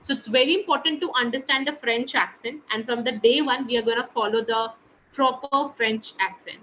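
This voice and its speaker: A woman's voice: a little high, brisk, a bit bright, dull audio, a little hiss or hum. A woman teaching a French class online in a chatty way, often calling the students guys, heard over a computer mic on a video call. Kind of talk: online language webinar.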